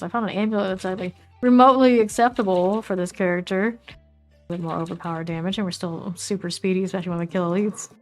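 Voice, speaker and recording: A woman with a Southern US accent, casually commenting while she plays a game, chatty and relaxed as she reads out item names. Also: medium pitch, fast, faint music behind. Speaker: streamer.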